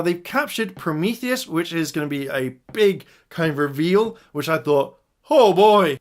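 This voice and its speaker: A man giving an enthusiastic casual review of TV episodes, retelling scenes and addressing his viewers. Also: on the high side. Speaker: video reviewer.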